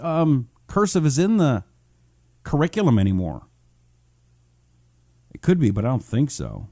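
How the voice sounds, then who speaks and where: Guy hosting a livestream, reads comments, jokey, swings his pitch around a lot. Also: normal speed, dry recording, studio quality. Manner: animated, joking, mock-apologetic asides. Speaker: talk show host. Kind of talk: livestream chat reading viewer comments.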